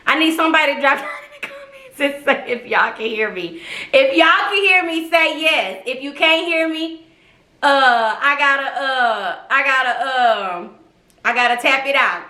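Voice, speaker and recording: A young woman on a live stream, telling a personal story in a profane, animated, slangy way. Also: sits high. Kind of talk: casual storytelling to a live audience. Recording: echoey room.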